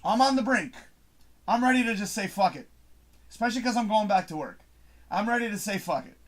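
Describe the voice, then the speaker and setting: A man's voice: high voice, animated, fast talker. A man hosting his own show, ranting to camera in a frustrated, swearing monologue with emphatic bursts. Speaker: host. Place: home studio.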